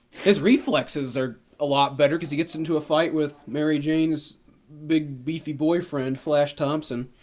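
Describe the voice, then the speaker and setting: A man's voice: on the high side, a little mellow. Rambling man recapping a movie. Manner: rambling, acts out movie scenes in silly put-on voices. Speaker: podcast co-host. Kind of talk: casual movie recap chat.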